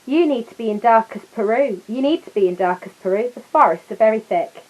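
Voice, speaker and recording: A woman's voice: on the high side, lively intonation, a little fast, lo-fi sound. Paddington, a woman doing a polite young bear. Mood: earnest.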